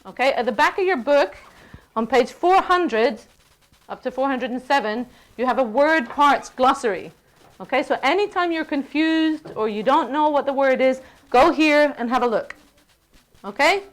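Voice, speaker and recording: Woman lecturer, slightly high voice, lively and playful with her class. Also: normal speed. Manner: lively, playful, checks in with "okay?" often. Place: university classroom.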